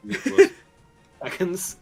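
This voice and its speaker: A man's voice: slow pace, a little mellow, faint music behind. A man with an English accent co-hosting a game stream, rambling and joking in casual banter.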